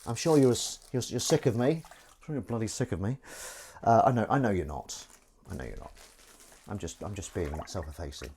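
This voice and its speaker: A man's voice: on the low side, lively intonation, brisk, mellow, a little hiss or hum. A man, an actor, chatting loosely and self-deprecatingly to live-stream viewers while he does the washing up in his kitchen. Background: faint running water and dish clatter.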